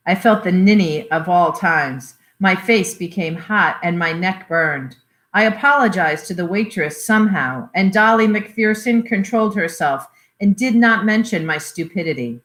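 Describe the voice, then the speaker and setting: A woman reading a memoir aloud in a measured storytelling way. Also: fairly low pitch, a bit bright. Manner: measured storytelling with voiced quotes. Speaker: reader. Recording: roomy echoey recording.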